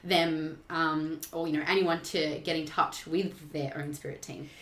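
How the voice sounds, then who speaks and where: A woman's voice: low-pitched, steady tone, measured pace, roomy sound. A woman hosting a podcast and working as a coach, asking questions in casual chat with hesitant phrasing and frequent fillers. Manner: hesitant, with many fillers and "I guess".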